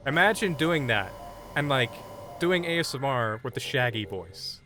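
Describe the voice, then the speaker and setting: A man's voice: mid-range voice, expressive, normal speed, sharp tone, faint music behind. A man streaming a game live, chatting casually and bluntly brushing off requests from chat. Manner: blunt, dismissive banter with chat.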